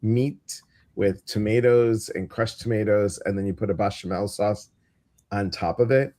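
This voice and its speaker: A man's voice: on the low side, fairly even intonation, unhurried, mellow. A middle-aged man hosting a live stream, chatting casually and jokingly and greeting viewers by name. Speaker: host.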